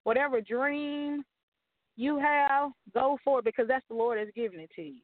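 A high-pitched woman pastor gives an emphatic, preacher-like testimony. She repeats her rallying lines again and again. Her voice comes dry and tinny, as if over a phone line. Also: moderate pace, no room sound. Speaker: guest author and pastor. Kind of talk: testimony and encouragement on a talk show.

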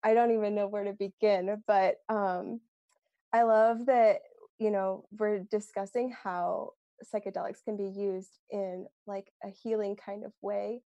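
A woman's voice: medium pitch, steady tone, unhurried, warm tone, dry recording, highs cut off. A woman joining a talk as a guest, gushing and hesitant with many fillers. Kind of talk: casual chat.

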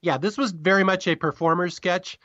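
A man co-hosting a podcast, chatting casually and quickly about a comedy episode, often correcting himself mid-sentence. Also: sits high, a bit bright, dry recording, dull audio. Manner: rapid, chatty, self-correcting. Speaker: podcast co-host. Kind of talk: casual review chat.

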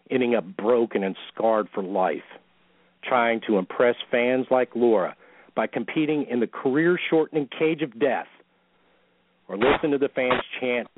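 A man's voice: mid-range voice, no room sound. Male co-host, pompous mock-solemn letter reading, thin phone-line sound, dry. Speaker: podcast co-host. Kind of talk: dramatic open-letter reading. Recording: tinny phone-line call-in.

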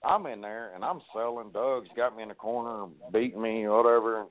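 A man, a wrestling guest telling profane, animated stories and acting out the dialogue. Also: fairly low pitch, moderate pace. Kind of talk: casual storytelling on a podcast. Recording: tinny phone-like line.

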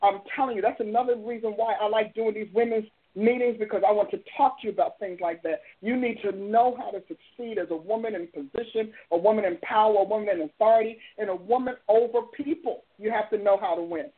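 A husky woman in her sixties leads a call-in show as a pastor, counseling and praying with an emphatic, rhythmic preaching delivery. The sound is thin and lo-fi, like a phone line. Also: medium pitch, fast talker, hardly any pauses. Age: 60s. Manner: emphatic preaching, repetitive cadence. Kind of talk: live call-in counsel and prayer.

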